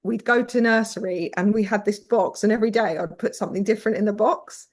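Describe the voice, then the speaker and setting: A woman's voice: mid-range voice, fast, a little mellow. A British woman guest telling parenting stories frankly, swearing casually and acting out quoted voices. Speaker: podcast guest. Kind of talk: candid conversational storytelling.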